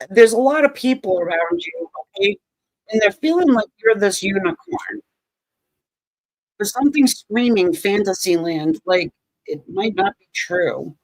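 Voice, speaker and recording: A woman's voice: medium pitch, dry recording, rough recording. Joking, profane woman tarot reader. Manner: joking, sarcastic and profane, laughs often. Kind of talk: casual tarot reading.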